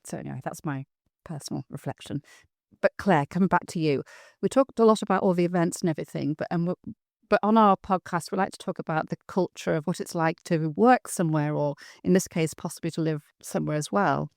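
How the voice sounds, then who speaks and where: Woman podcast host; quick, chatty, laughs easily; dry close recording. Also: lowish voice, gravelly, a little mellow, no echo. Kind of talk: conversational interview.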